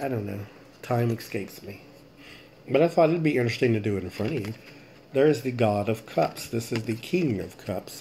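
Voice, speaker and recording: The host of a tarot channel speaks in a mellow, mid-range voice with vocal fry, over slight background noise. Worn out late at night, he stifles yawns while rambling chattily and thinking aloud during his casual reading vlog.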